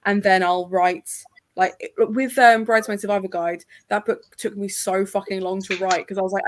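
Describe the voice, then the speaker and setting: Animated woman, dry close sound. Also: medium pitch, normal speed, no echo. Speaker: writer, readathon co-host. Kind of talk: casual chat.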